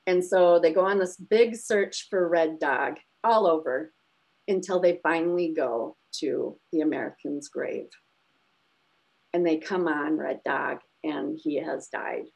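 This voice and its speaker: Low-voiced woman retelling a film. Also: unhurried, gravelly, low-quality recording. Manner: emotional, animated retelling. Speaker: podcast co-host. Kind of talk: casual chat.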